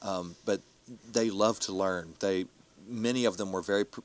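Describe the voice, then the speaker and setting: A man's voice: low voice, steady tone, normal speed. A man who is a professional storyteller, talking animatedly in a casual interview, laughing often and acting out the people he quotes.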